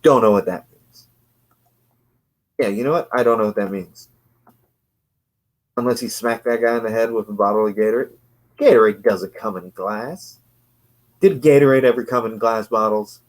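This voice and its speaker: A man's voice: fairly low pitch, normal speed, pauses often. A man casually reviewing an old comic book, sarcastic and rambling, laughing often.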